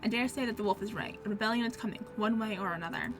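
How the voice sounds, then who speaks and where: A woman's voice: medium pitch, very fast, noisy background, close to an everyday voice. A woman doing a suave male fox investigator.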